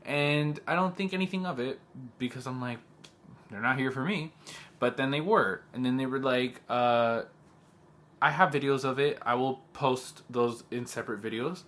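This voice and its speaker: A man's voice: medium pitch, normal speed, a bit bright. A young man, a teacher, telling a personal story in a casual vlog. He talks in an agitated way, says "like" often and quotes the other people in the story. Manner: agitated, heavy use of "like", quotes others in dialogue.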